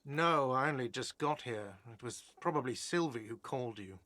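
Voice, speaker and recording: A man's voice: medium pitch, lively intonation, normal speed, bright, forceful tone, dry recording. An actor voicing a whiny, defensive male cafeteria manager in a video game, dry close sound. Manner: defensive, sarcastic. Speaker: game character.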